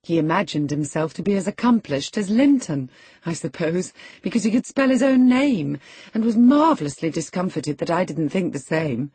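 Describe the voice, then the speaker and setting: A woman voicing a spirited, proud young woman who tells her story in a lively, scornful way. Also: on the low side, moderate pace, breathy edge, no echo, heavily acted. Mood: animated.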